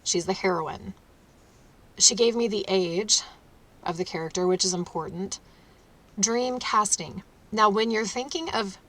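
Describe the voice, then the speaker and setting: Slow, deliberate woman coaching authors. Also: mid-range voice, fairly bright tone. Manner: emphatic, instructive, breaks into short laughs. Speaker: audiobook narrator and trainer. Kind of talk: instructional talk to authors.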